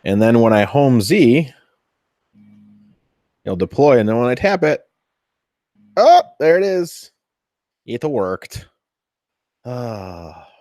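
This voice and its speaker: A man hosting a casual workshop build vlog, chatty and thinking aloud as he tests his machine, easily excited when something works. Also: mid-range voice, slow pace, pauses often, dry recording, studio quality. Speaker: 3D printing hobbyist host.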